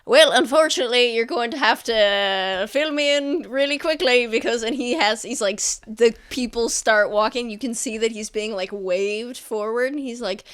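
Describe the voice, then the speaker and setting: A woman's voice: fairly high pitch, moderate pace, few pauses, fairly bright tone, clear, resonant tone. Rambling woman running a game. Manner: rambling, many fillers, casual. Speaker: game master. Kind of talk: narrating a tabletop game.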